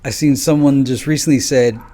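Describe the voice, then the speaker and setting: A man giving a solo political commentary monologue, rambling and restarting sentences, full of rhetorical questions and drawn-out pauses. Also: mid-range voice, fairly even intonation, dark tone. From United States. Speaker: video commentator.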